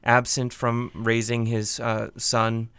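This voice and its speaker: A man's voice: medium pitch, monotone, takes it slowly, fairly bright tone. A man on a casual podcast arguing critically about an exhibit. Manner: critical, argumentative. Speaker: podcast co-host.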